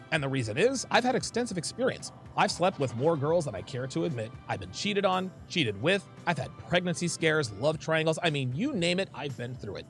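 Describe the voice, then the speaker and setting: Male host narrating his own past with lively, dramatic pitch swings. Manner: animated, dramatic storytelling. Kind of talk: personal story narration.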